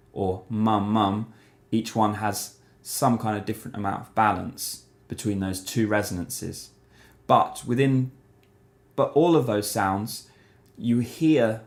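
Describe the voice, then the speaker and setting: A man giving a casual voice lesson, explaining resonance and singing short syllables to demonstrate. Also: lowish voice. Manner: demonstrates vocal sounds on syllables like "ma" and "mum"; relaxed, conversational explaining. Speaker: singing teacher. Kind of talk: voice lesson to camera.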